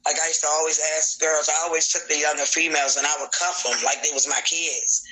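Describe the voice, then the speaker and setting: A man tells his story in a raw, cursing, emphatic way on a live stream. His voice is very bright and edgy, and it sits a little high for a man. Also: little pitch movement, fast talker, low-quality recording. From Baltimore, USA. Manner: blunt, profane, emphatic storytelling. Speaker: guest telling a personal story on a live stream. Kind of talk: candid live-stream testimony.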